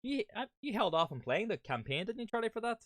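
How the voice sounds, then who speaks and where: Chatty Irish streamer, casual and rambling. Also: male voice, sits high, sing-song, quick pace, a bit bright, no room sound, studio quality. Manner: rambling, swears, chats with viewers. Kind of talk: casual gameplay commentary.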